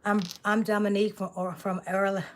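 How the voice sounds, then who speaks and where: A woman's voice: medium pitch, little pitch movement, moderate pace, background noise. Chatty woman hosting a craft live stream. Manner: chatty, greets viewers by name, asks for subscribes. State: out of breath. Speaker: live-stream host making t-shirts. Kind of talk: casual live-stream chat. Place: indoor home workspace.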